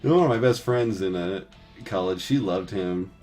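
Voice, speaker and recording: Laid-back man in his thirties, slightly low-pitched, talks in loose rambling asides full of fillers and casual swearing; faint guitar music underneath. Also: normal speed, darkish tone. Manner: rambling, filler-heavy, swears and laughs easily. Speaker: 3D artist streaming his texturing work. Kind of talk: casual chat while painting live.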